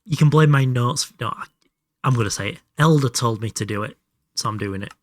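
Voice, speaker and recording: Male livestreamer, mid-pitched voice, chatty and self-mocking, close dry sound. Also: fairly quick, no room sound. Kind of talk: casual live gameplay commentary.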